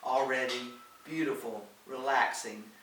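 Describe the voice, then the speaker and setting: A man's voice: medium pitch, fairly even intonation, a little slow, close to an everyday voice. A man voicing an anxious middle-aged mother on a trip abroad, earnest and emotional, recorded far off in a roomy space with faint hiss.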